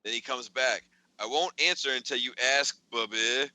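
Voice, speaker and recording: A man hosting a podcast in casual chat, recounting a string of text messages in an animated way. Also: medium pitch, normal speed, slight background noise, low-quality recording. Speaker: podcast host.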